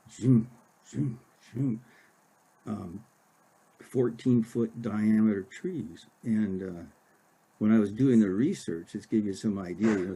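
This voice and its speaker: An older man from Oregon, an author giving a casual library talk, halting with many fillers and restarts. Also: low voice, warm tone, husky.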